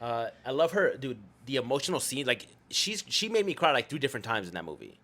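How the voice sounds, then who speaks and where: A man of middle pitch, co-hosting a relaxed podcast chat. He talks with excitable energy, swears freely and keeps jumping from one tangent to the next. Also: fast talker. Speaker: podcast co-host. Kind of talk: casual chat.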